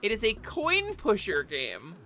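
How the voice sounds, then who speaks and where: Brief: woman game streamer, animated and foul-mouthed, bright voice, lively swooping pitch, faint music behind. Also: measured pace, gravelly. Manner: animated, chatty, swears freely. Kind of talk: casual live gaming stream chat. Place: home office.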